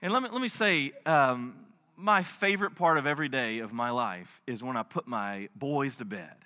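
A man in his thirties, a pastor, preaching a sermon, moving between soft storytelling and impassioned delivery. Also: medium pitch, expressive, normal speed. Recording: long hall reverb.

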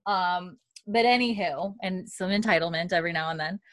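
A woman's voice: lowish voice, fairly quick. Chatty woman recapping a TV episode. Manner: chatty, rambling with many fillers. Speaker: podcast co-host. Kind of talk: casual chat recapping a TV episode.

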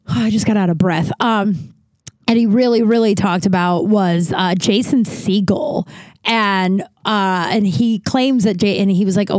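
A woman in her thirties tells a loose, rambling story, dropping swear words and a constant stream of "like." Her voice sits at a middle pitch and leaps up when she quotes other people. It is recorded close and dry, with no room sound. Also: no room sound. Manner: rambling, swears a lot, many likes; animated, jumps high for quoted voices. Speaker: podcast host. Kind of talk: casual storytelling.

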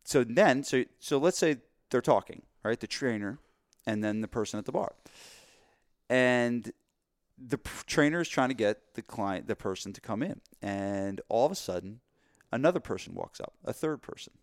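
A man co-hosting a casual podcast about gym marketing, telling an animated story and acting out voices. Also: medium pitch, moderate pace, no echo, clean studio sound.

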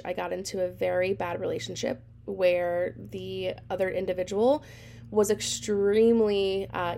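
A woman's voice: lowish voice, vocal fry, a little mellow, slight background noise. A woman in her thirties hosting a podcast, telling her personal story in a candid, reflective way with frequent fillers. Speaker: podcast host.

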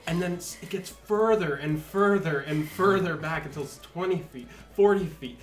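A man narrating a tabletop game as game master, animated and often laughing, recorded in an echoey room with faint music. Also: on the high side, normal speed.

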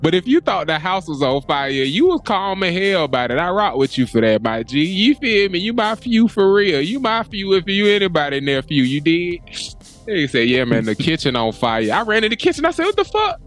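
Casual podcast co-host, young adult man, lively swearing storyteller, faint music bed. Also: high-pitched, moderate pace. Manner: animated storyteller, laughs often, swears freely. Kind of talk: casual chat.

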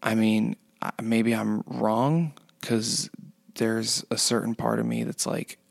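A man's voice: on the low side, little pitch movement, slow pace, gravelly, no echo. A man casually telling a rambling story about his workplace, full of restarts and fillers. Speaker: retail worker telling a work story.

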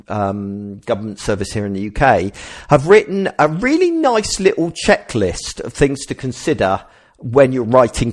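A man hosting a casual podcast chat, rambling and correcting himself as he goes. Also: mid-range voice. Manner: rambling, self-correcting, lively delivery. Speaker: podcast host.

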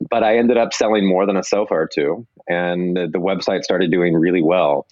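A man's voice: low-pitched, steady tone, normal speed, few pauses, no echo, highs cut off. A man being interviewed about his business, telling his story casually with many restarts and acted-out quotes. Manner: rambling, restarts, acts out quoted people. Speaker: entrepreneur guest.

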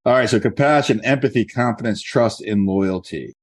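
A man coaching a real estate agent one-on-one, working through points methodically and repeating key phrases slowly. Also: lowish voice.

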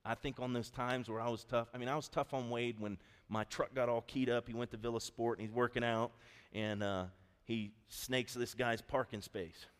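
A middle-aged man preaching a sermon in a church, telling an animated, folksy story before softening into an earnest appeal. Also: mid-range voice, moderate pace, few pauses, clear, resonant tone. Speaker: pastor. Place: church sanctuary. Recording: long reverb of a church hall.

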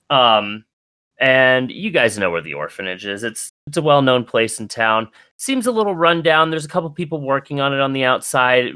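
Bright-voiced game master narrating. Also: male voice, medium pitch, dry recording. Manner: relaxed, descriptive, with frequent ums.

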